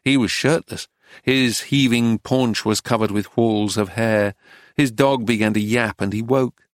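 A man reading a story aloud in measured, descriptive narration. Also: on the low side, steady tone, dry recording, clean studio sound. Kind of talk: audiobook narration.

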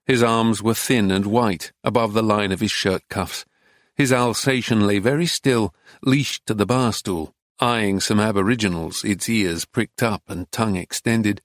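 A man reading an audiobook in a measured, understated, dry manner. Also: on the low side, dry recording. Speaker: narrator. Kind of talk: scripted audiobook narration.

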